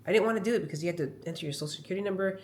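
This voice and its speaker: A woman's voice: on the low side, racing, a little hiss or hum. A woman comedian talking casually to her camera at home, chatty and rambling as she tells stories. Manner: chatty, rambling, animated storytelling. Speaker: comedian vlogger. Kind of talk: casual vlog monologue. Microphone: phone camera.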